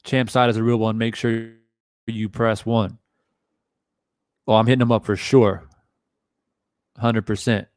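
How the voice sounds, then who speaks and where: A man's voice: lowish voice, a little slow, pauses often, no room sound, studio quality. A man hosting a live boxing stream, chatting casually with viewers and swearing freely. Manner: casual, profane, animated talker. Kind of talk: live stream commentary reading chat.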